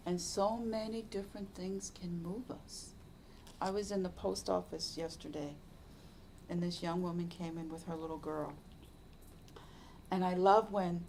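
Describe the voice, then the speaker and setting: A woman meditation teacher speaking in a low, gravelly voice during a dharma talk. She talks slowly and reflectively, often sinking into a soft, whispery hush. A faint room ambience sits behind her. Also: slight background noise. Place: meditation center hall.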